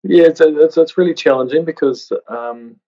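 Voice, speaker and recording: A man's voice: on the high side, moderate pace, mellow. A man, a retired rugby player in his thirties, answering interview questions earnestly, with many "you know" fillers and restarts. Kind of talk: reflective interview talk. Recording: dull lo-fi audio.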